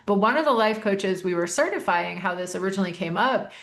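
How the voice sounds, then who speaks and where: A woman's voice: medium pitch, animated, quick pace, fairly bright tone. A woman life coach hosting an easygoing talk about communication, acting out short quoted voices as she explains. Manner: acts out quoted voices, restarts often. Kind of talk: casual educational chat.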